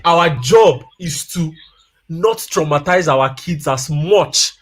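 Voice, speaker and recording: A man in his thirties or forties speaks slowly in a slightly high, fairly bright voice. As a guest speaker on family life, he talks casually, shares personal stories, and repeats key points for emphasis.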